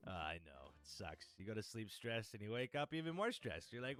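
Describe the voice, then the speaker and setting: Giggly man with a lively, swooping voice. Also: lowish voice, moderate pace, few pauses, soft background music. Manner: giggly, animated commentary. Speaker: comic reader. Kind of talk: reacting to web comics.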